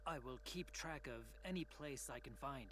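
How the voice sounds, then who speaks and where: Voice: mid-range voice, normal speed, a bit bright, close to an everyday voice. An actor voicing an eager young football club teammate in dubbed game dialogue, earnest and urgent. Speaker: game character.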